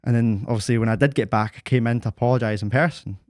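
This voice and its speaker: A young man co-hosting a podcast, telling rambling, animated stories full of "I was like". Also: medium pitch, fast talker, no echo, clean studio sound. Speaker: podcast co-host. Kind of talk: casual chat, storytelling.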